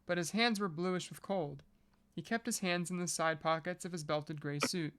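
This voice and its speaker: A reader reading a classic novel aloud in a smooth, resonant voice. The delivery is measured and steady at a mid pitch, with the occasional casual, joking aside. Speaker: podcast reader.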